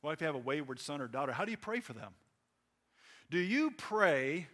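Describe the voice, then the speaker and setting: A man preaching a sermon in a conversational way, acting out little quotes and swinging between loud emphasis and quiet asides. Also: on the high side, sing-song, a little fast. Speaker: pastor.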